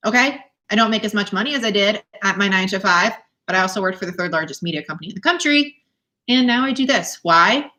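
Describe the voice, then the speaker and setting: A young adult woman reads tarot cards live for her viewers from home. She talks in an animated, encouraging way and laughs often between her points. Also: medium pitch. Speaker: tarot reader. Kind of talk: live-stream tarot reading. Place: home, dog nearby.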